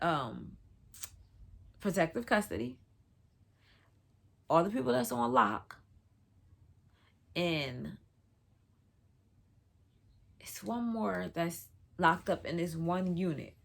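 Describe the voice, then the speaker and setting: Husky, gravelly-voiced woman telling a story. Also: low-pitched. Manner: slangy, loose storytelling with many "like" fillers. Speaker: vlogger. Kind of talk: casual storytime.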